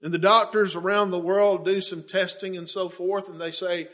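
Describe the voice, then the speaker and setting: A male preacher with a notably high voice delivers an impassioned sermon. He swings from ringing declarations to hushed, drawn-out phrases. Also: little pitch movement.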